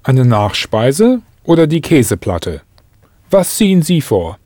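Male model speaker for a lesson, animated intonation, dry studio. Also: medium pitch, a little slow, no room sound. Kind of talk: recorded example phrases.

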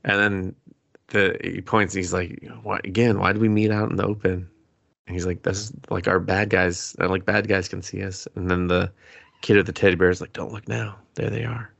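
A man's voice: low voice, level tone, normal speed, gravelly, fairly bright tone, dull audio. A man hosting a casual podcast, retelling an anime episode with quoted lines and laughter. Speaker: podcast host. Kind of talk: casual anime review chat.

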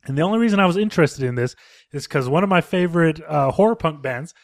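A man hosting a casual podcast from home, retelling a film in a rambling, profane, animated way. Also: on the high side, quick pace. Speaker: podcast host.

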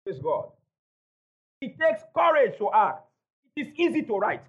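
Pastor, high, lively voice, emphatic call-and-response preaching, slightly muffled church recording. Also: male voice, measured pace, husky. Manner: emphatic preacher, repeats key phrases, call-and-response with congregation. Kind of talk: sermon. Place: church hall before a congregation.

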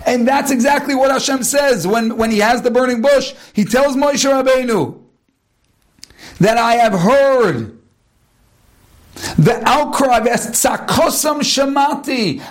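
A man giving a Torah lesson in a sermon style, asking rhetorical questions and mixing Hebrew terms into his English. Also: extremely high pitch. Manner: rhetorical questions, drawn-out emphatic pauses. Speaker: rabbi giving a Torah talk.

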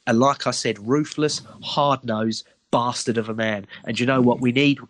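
A man's voice: mid-range voice, steady tone, normal speed, background noise. Passionate man arguing football. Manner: passionate, insistent, laughs while arguing. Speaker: podcast co-host. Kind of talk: casual football podcast chat.

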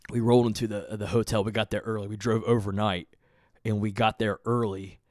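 A man's voice: lowish voice, level tone, brisk, darkish tone, dry recording, studio quality. A young man hosting a podcast, telling a long rambling story with lots of swearing and filler words. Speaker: podcast host. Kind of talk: casual storytelling.

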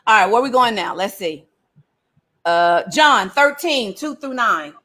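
A woman's voice: mid-range voice, animated, a little slow, bright, forceful tone. A woman leading a Bible study in a casual, joking, colloquial way.

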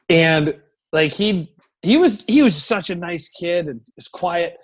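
A man in his thirties, a hockey goaltender, telling stories as a podcast guest in an animated, profane, rambling way. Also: sits high, takes it slowly, slightly rough. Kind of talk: casual podcast storytelling.

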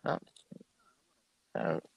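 A man's voice: takes it slowly, no echo, muffled recording. Young man swearing through a story. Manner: swears a lot, animated storytelling. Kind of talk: casual chat.

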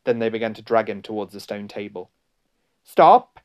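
Male storybook narrator, low voice, unhurried dramatic reading. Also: level tone, darkish tone, clean tone. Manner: slow, deliberate, dramatic. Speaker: audiobook narrator.

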